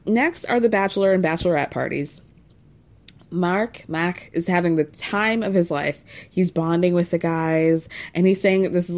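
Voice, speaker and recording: A woman's voice: on the low side, darkish tone. A woman hosting a podcast, recapping a reality show in a snarky, chatty way with many asides. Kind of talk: casual chat.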